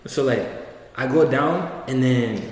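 A young man recounts a wild night to his friends in relaxed, slang-heavy speech. He sits well back from the mic in a bare, echoing room with a long tail of reverb. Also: mid-range voice, takes it slowly. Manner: laid-back slangy storytelling. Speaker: storyteller among friends. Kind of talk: casual chat. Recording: echoey room, voice from far off.

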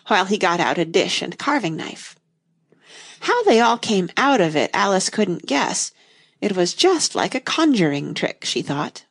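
A woman reading a storybook aloud in an expressive, measured way. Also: lowish voice. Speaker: narrator.

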